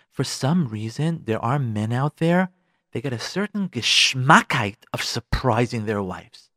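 Unhurried and mid-range, a man's voice carries a radio advice program about relationships. He sermonizes on marriage with energy, repeatedly performing short scenes. No echo; the recording is studio quality.

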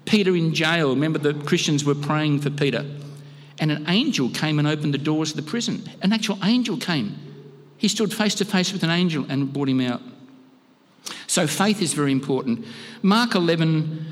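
Casting: male preacher, higher-pitched voice, earnest and conversational, big church reverb. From Australia. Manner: conversational, earnest, with frequent restarts. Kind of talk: sermon. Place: church hall.

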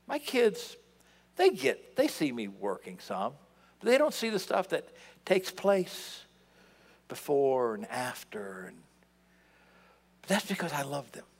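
A man preaching with a lively, swooping delivery, his voice sitting a little high for a man. He jumps from loud outbursts to hushed asides. The sound carries a long reverb from the church around him. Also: slow pace, pauses often. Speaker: pastor. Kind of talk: sermon. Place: church sanctuary.

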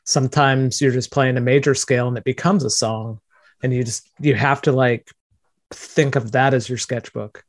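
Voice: medium pitch, steady tone, normal speed, no echo. A podcast co-host in casual chat, speaking in a thoughtful, reflective way.

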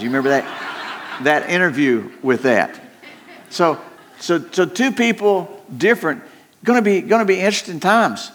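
An older man preaching a sermon in an earnest tone, repeating words and slowing down to stress his points. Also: medium pitch, expressive, a bit bright. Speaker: pastor.

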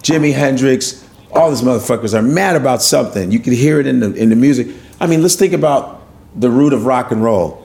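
A man's voice: medium pitch, brisk, creaky, darkish tone, slightly rough. A standup comedian man from the United States, talking as a podcast guest. He tells his stories animatedly, swears freely and slips into other people's voices along the way. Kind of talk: casual podcast chat.

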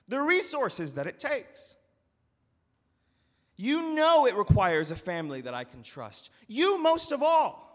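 A man's voice: sits low, full character voice. A man playing an angry, betrayed landowner. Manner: loud, forceful and measured in anger.

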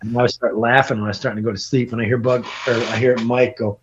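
A middle-aged man, a podcast guest, telling a long road story in casual, animated talk, swearing and laughing as he goes. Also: mid-range voice, quick pace, background noise. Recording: dull lo-fi podcast audio.

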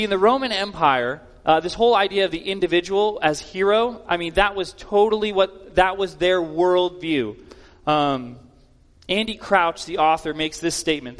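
A male pastor giving a sermon in a plainspoken, conversational way with casual asides. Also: fairly high pitch. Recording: long hall reverb.

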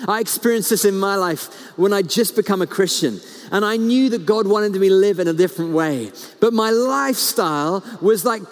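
A male pastor preaching a sermon, telling stories earnestly and slowing down to stress key words. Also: high-pitched. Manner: earnest storytelling, slows down for emphasis, frequent restarts. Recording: long hall reverb.

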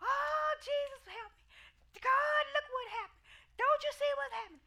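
A woman's voice: very high-pitched, moderate pace, bright, forceful tone, voice pushed up, heavily acted. A woman preacher acting out a desperate woman wailing and crying out to God from her porch.

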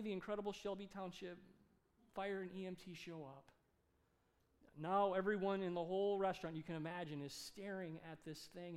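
A male pastor preaching a sermon, telling a story with animated delivery and acted-out dialogue. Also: high voice. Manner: animated, acts out dialogue in his stories.

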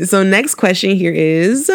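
A young woman giving casual faith-based advice to viewers in a vlog, preachy and affectionate, sassy and emphatic, often repeating phrases for emphasis. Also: medium pitch. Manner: sassy and emphatic, asking rhetorical questions. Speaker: advice vlogger answering viewer questions.

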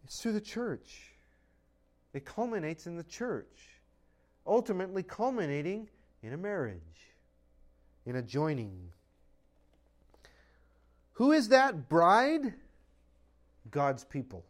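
A man's voice: high voice, sing-song, slow pace, pauses often. A man preaching a sermon as a pastor, emphatic and dogmatic, full of rhetorical questions.

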